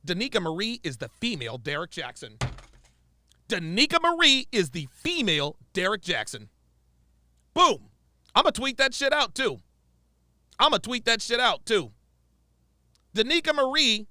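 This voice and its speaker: A man's voice: very high-pitched, bright, forceful tone, dry recording, studio quality. A man giving heated, profane, sarcastic reaction commentary as the show's host.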